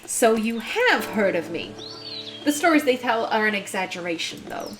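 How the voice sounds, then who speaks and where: A woman's voice: mid-range voice, sing-song, moderate pace. Bitter older wise woman, scornful and brash, read by a woman, game music behind. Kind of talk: voiced game reading.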